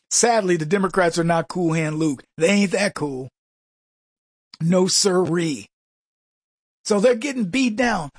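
Mocking husky talk radio host, man. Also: high voice, a little slow, pauses often, dry recording, studio quality. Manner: mocking, animated, acts out voices and laughs. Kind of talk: conservative talk radio monologue.

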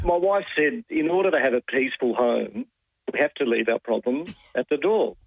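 A man calling in to a radio show, telling jokes deadpan. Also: medium pitch, normal speed, creaky, narrow, tinny audio. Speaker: radio caller. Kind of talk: phone-in joke telling.

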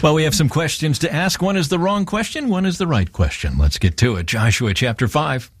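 A man's voice: a little high, sing-song, brisk, slightly rough, no room sound, clean studio sound. A man co-hosting a Christian radio program, giving a friendly, scripted presenter introduction. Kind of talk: broadcast introduction and chat.

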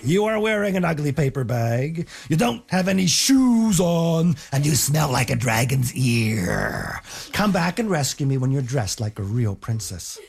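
A man voicing a snobbish, vain young prince in a slow, haughty voice while telling a children's story. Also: on the high side, very animated, vocal fry, breathy edge, heavily acted. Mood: snooty.

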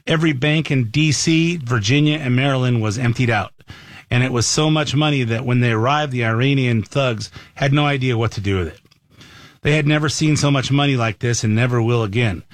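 A man's voice: mid-range voice, dry recording, studio quality. A man hosting a talk show, giving opinionated news commentary in a folksy, storytelling way. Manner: folksy, animated storyteller who voices quotes.

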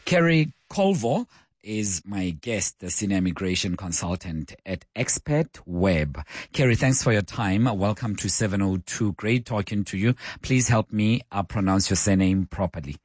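Husky radio host. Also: male voice, low-pitched, expressive, moderate pace, no room sound. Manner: hesitant, many uh fillers and restarts. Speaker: radio talk show host. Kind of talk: live radio talk show.

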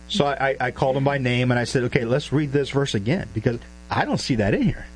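A man's voice: medium pitch, animated, moderate pace, husky, low-quality recording. Emphatic male preacher teaching scripture. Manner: emphatic, asks the listeners questions. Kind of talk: verse-by-verse sermon. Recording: faint mains hum.

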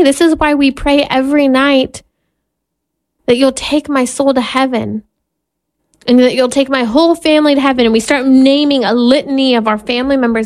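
A woman's voice: fairly high pitch, steady tone, fairly quick. A woman in her thirties, a Catholic mother, telling a candid personal story in an earnest way and laughing at herself now and then. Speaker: Catholic mother and podcast host.

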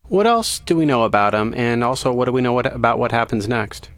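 Male news host, mid-range voice, calm conversational questions, dry close sound. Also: medium pitch, brisk, dry recording. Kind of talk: radio news interview.

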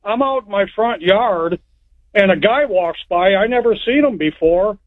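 Male phone-in caller, high voice, rambling folksy telling, tinny phone line. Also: lively intonation, a little slow. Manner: rambling, informal grammar, plain-spoken. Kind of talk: phone-in storytelling. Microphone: telephone.

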